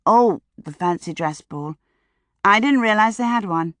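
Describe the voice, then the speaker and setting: A woman's voice: medium pitch, lively intonation, measured pace, dry recording, close to an everyday voice. A woman voicing a chatty, brash young American flapper from Chicago in an audiobook, eager and gushing. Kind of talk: audiobook character voice.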